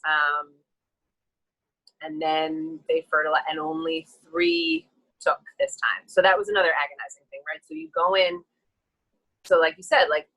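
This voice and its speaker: A woman's voice: deep voice, moderate pace, long pauses, rough recording. A woman guest candidly telling a long personal story, frank and emotional, acting out the people she quotes. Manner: animated, acts out quoted people in shifting voices; frank and emotional, rambling with fillers.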